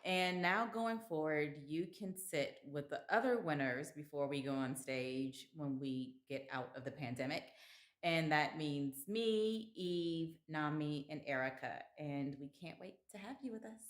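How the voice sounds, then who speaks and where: A woman's voice: low voice, unhurried. A woman giving a casual, friendly and playful video congratulation to a fellow award winner. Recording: roomy, echoey recording.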